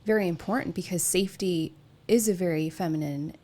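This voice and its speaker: A woman in a casual spiritual podcast chat, calmly explaining her ideas. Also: on the low side, fairly quick. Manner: calm, explanatory, with short affirmations.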